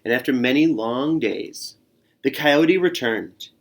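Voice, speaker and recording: A man's voice: medium pitch, slow. Man reading a picture book aloud. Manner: expressive, adds sound effects. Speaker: storyteller.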